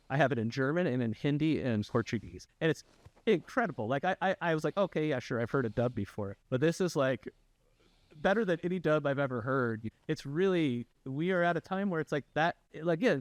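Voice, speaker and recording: A man's voice: medium pitch, no echo. A man who is a developer educator, guest on a tech podcast, chatting casually and enthusiastically and often tagging his points with "right?". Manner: animated, many restarts and "right?" tags.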